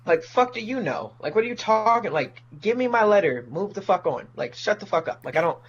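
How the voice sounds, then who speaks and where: A man's voice: high-pitched, animated, fairly quick, breathy edge, muffled recording. A man, a comedian, ranting profanely in casual podcast talk and mocking people in put-on voices. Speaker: comedian guest.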